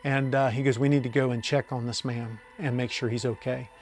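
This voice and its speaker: A middle-aged man from the United States telling a personal story in an interview, plainspoken and halting with frequent fillers. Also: mid-range voice, flat delivery. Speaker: witness.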